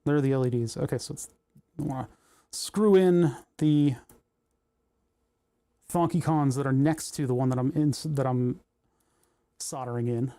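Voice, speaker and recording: A man's voice: medium pitch, steady tone, fairly quick, dark tone. A man hosting a livestream, chatting casually and thinking aloud with joking asides as he solders. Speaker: livestream host building electronics.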